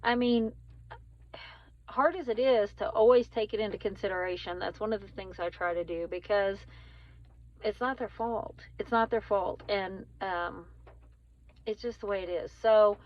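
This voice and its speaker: A woman's voice: mid-range voice, steady tone, normal speed. A woman in her forties, from Texas, talking candidly to her phone camera while driving, rambling with plenty of ums. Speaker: family vlogger. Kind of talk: casual vlog chat. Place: in a car, driving in rain. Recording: slightly dull lo-fi phone audio.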